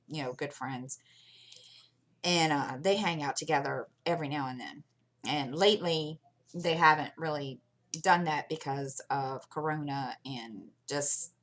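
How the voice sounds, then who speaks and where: A middle-aged woman hosts her channel, and her voice is low with a touch of brightness. She chats casually and tells rambling stories as she works on a craft.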